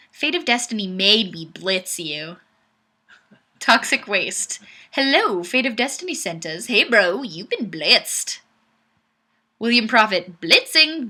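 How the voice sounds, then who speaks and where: A young adult woman reads viewer comments during a casual webcam livestream at home, playful, giggly, and poking fun at herself. Her mid-range voice sounds pushed and bright through the webcam mic.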